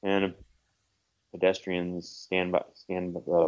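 A man's voice: deep voice, takes it slowly. A man on a remote call, casually retelling a comic book and acting out the characters' voices. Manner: animated retelling with acted voices. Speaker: podcast co-host. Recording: dull lo-fi call audio.

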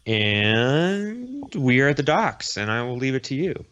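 A man casually retelling a comic story, narrating in a low murmur and reading the dialogue quickly. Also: big pitch swings, a bit bright, lo-fi sound. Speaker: podcast co-host retelling a comic.

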